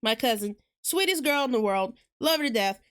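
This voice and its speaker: A woman's voice: a little high, expressive, brisk, clean tone. A woman streamer chatting casually while gaming, rambling through tangents and laughing often. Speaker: game streamer.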